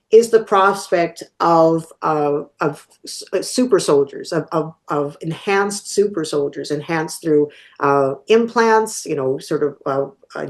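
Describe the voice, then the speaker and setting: A woman academic answering audience questions in a thoughtful, hesitant way, with fillers and restarts. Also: lowish voice. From Canada. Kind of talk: unscripted academic Q&A.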